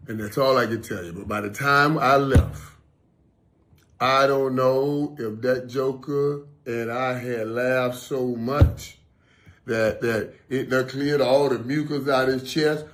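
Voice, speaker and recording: A man's voice: medium pitch, unhurried, a bit bright. A former football player talking casually and from the heart. He often repeats phrases to stress them. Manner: emphatic, repeats phrases for weight.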